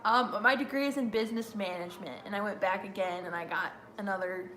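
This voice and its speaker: A woman's voice: medium pitch, fairly quick, a bit bright, roomy sound. A woman hosting a casual watch-along stream, reading chat aloud and answering with lots of giggles and jokes.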